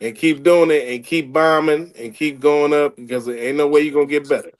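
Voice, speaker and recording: A man's voice: fairly high pitch, steady tone, fairly quick. Laid-back male comedian giving advice. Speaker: comedian guest. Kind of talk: casual chat, giving advice.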